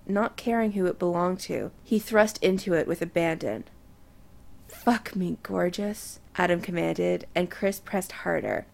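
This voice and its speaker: A woman narrating romance fiction aloud with soft, intimate storytelling. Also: fairly low pitch, vocal fry.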